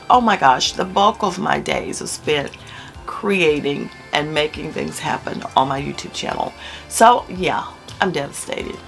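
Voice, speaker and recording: Older lady vlogging to her viewers, low gravelly voice, goes hushed then emphatic, faint music behind. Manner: expressive, swinging between hushed and emphatic. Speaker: YouTube content creator. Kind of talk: emotional vlog to camera.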